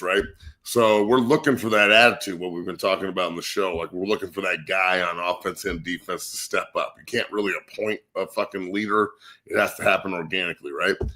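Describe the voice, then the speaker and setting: A man with a low, forceful voice who talks like a high school line coach. He tells a story in a crude, boisterous way, swearing constantly. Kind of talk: profane storytelling rant.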